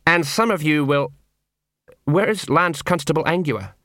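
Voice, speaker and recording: A man's voice: on the high side, measured pace, a bit bright, dry recording, clean studio sound, voice pushed up. A man voicing a tired, middle-aged city watch sergeant in a storybook reading. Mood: weary. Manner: weary.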